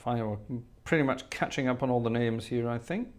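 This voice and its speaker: Guy running a live stream, reads out viewer names, hums and chats along, mid pitch. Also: fairly quick. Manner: chatty, greets viewers by name, hums to himself while reading the chat. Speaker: host of a live-streamed organ music show. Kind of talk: casual live-stream chat greeting viewers.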